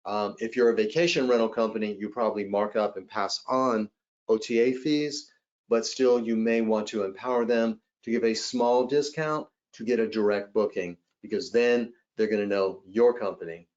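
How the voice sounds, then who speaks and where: Lively male sales trainer on a webcast. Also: fairly low pitch, moderate pace, muffled recording. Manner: animated, acts out callers and agents in role-play. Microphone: webcast mic.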